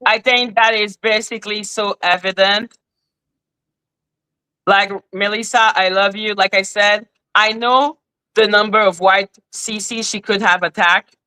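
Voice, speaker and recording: A woman hosting a live online panel, talking casually with many fillers and trying to calm things down. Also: medium pitch, clear, resonant tone, poor audio. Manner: casual, filler-heavy, placating. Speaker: panel host.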